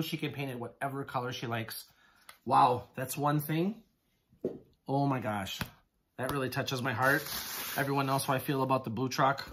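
A man vlogging to camera as he unpacks items, gushing and exclamatory, excited with shaking hands, often stopping to say how amazed he is. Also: fairly high pitch, noisy background. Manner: gushing, exclamatory, keeps repeating "oh my goodness". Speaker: haul vlogger. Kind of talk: casual unboxing chat to camera.

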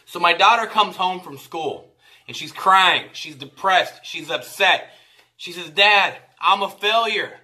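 Earnest motivational man, bright forceful voice. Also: high voice, measured pace. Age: adult parent of a nine-year-old. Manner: earnest, emphatic, acts out family dialogue. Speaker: motivational speaker. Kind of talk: motivational storytelling.

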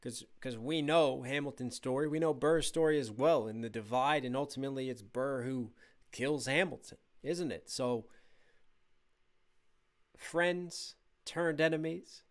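A man's voice: medium pitch, a little slow. A man, a rapper, talking casually and reflectively as he reacts to a stage musical, openly moved by what he hears. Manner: warm, reflective, easily moved. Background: faint show music.

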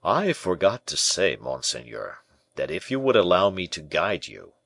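Hushed, calculating courtier, as a male reader voices him, low measured persuasion, dry close sound. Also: very animated, gravelly, dry recording, exaggerated voice. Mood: persuasive. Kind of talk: audiobook character reading.

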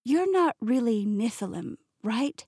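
A woman's voice: fairly high pitch, expressive, takes it slowly, dark tone, husky, no echo, studio quality, pitched above the performer's own voice, full character voice. A woman voicing a curious, wary young heroine. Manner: curious, incredulous questions. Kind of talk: audiobook character voice.

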